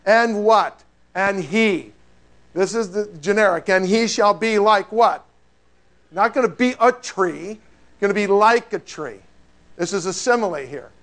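Full of rhetorical questions, a middle-aged male pastor's sermon comes across as lively and conversational. He speaks slowly, with a high-pitched voice.

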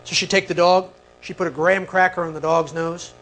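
A man with a slightly higher voice tells a long personal story to a live audience, speaking animatedly and repeatedly turning to the listeners with quick asides. The audio is poor, with a faint hum underneath.

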